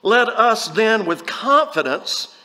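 A man delivers a sermon in an easygoing, conversational way, reading scripture aloud between plain remarks. His voice sits high for a man and sounds bright and clear. A long reverb trails his words, as in a large hall. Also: animated, takes it slowly. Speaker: preacher.

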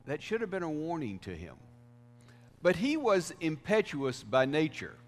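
A man preaching a sermon as pastor, deliberate, with swells of emphasis. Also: on the high side, very animated, slight background noise. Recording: reverberant hall sound.

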